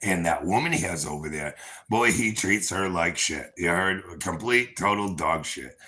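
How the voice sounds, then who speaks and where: A man's voice: deep voice, lively intonation, normal speed, pushed and bright. A man livestreaming, rambling through a profane, boastful rant and talking straight to his viewers, with chuckles between. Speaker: livestream host.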